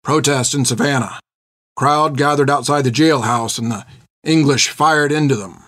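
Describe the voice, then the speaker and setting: A gruff, street-wise older wagon driver with a folksy drawl and clipped words, as a male narrator puts him on. His voice sits a touch higher than the narrator's own. The recording is dry and close. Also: moderate pace, fairly bright tone, no room sound, lightly acted. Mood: grim.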